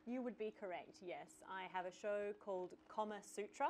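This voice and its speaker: A woman's voice: mid-range voice, brisk, darkish tone, slight background noise. A woman, a comedian guest on a panel quiz, self-deprecating and playful, often laughing as she talks. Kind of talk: comic banter on a panel show.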